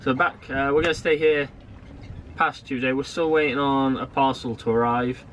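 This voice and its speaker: Rambling man, mid-pitched vlog chat. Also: steady tone, a bit bright, a little hiss or hum, low-quality recording. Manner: halting, rambling, with many fillers and restarts. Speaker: sailing vlog co-host. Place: outdoors in a harbour town and on a marina pontoon.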